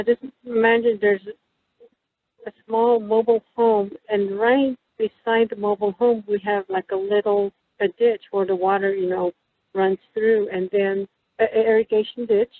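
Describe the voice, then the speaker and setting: A woman's voice: medium pitch, little pitch movement, a little slow, no room sound. A woman from New Mexico telling a story as a guest, rambling and hesitant with many ums and restarts. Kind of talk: casual storytelling in an interview. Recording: tinny phone-line sound, dry.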